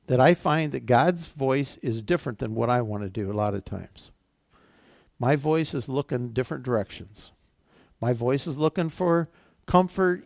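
Male pastor, folksy sermon delivery with a raised, gravelly voice. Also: a little high, darkish tone, no echo, studio quality. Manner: conversational preaching, acts out quoted voices.

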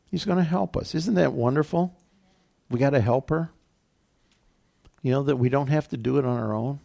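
A man's voice: mid-range voice, moderate pace, gravelly, mellow. A man, a pastor, giving a casual, conversational sermon with lots of fillers.

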